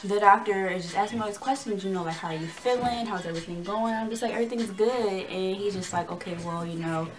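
A woman's voice: medium pitch, quick pace, few pauses. A young woman vlogging, telling a story casually to the camera in a chatty, slangy way and acting out the dialogue with energy.

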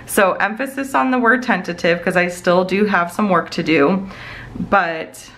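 A woman in her thirties talks in a loose, chatty way from her home office, her sentences wandering and padded with fillers. Her voice sits on the lower side. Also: unhurried, fairly bright tone, rough recording. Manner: rambling, many fillers like "like" and "you know". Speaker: planner vlogger. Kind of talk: casual chatty plan-with-me talk.

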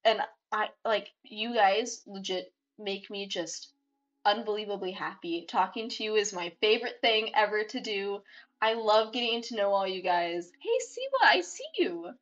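A woman's voice: medium pitch, normal speed, lo-fi sound. Bubbly, giggly young woman streamer. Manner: bubbly, expressive, giggly, rambling. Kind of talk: casual live-stream chat. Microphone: desktop mic, no webcam.

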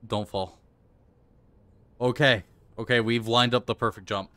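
A man's voice: mid-range voice, unhurried, no echo. A man streaming live gameplay, talking himself through each move and flaring into swearing rage between laughs. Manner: excitable, swears and rages, coaches himself aloud.

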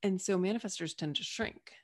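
An animated woman talks as a guest on a podcast, with a mid-range voice. She is emphatic and lively, and now and then she slips into playful quoted voices to make her point. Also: medium pitch, fairly quick. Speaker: podcast guest, Human Design reader. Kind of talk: casual podcast conversation.

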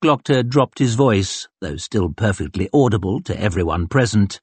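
Breathy, wry male audiobook narrator. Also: fairly low pitch, expressive, moderate pace, few pauses, a little mellow, dry recording. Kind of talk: scripted narration.

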